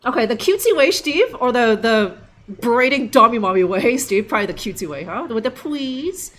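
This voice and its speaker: A woman's voice: a little high, animated, brisk, fairly bright tone. A young woman streaming a game live, joking and rambling with lots of fillers. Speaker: livestream gamer. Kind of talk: casual live gameplay commentary.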